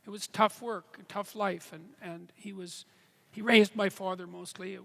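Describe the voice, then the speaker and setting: A man answering questions on stage at a live event, earnest and halting, with many restarts. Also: high voice, steady tone, gravelly. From Canada. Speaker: guest speaker. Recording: reverberant hall.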